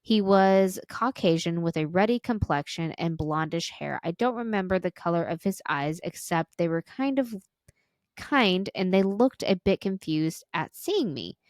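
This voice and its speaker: A woman's voice: on the low side, animated, normal speed, no room sound, studio quality. A woman podcast co-host reading a listener's story aloud, with small stumbles and restarts.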